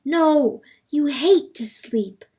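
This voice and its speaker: Woman reading as an anxious hen wife, high-pitched and pleading, for a storybook reading. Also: extremely slow, mellow. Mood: insistent. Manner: urgent, imploring.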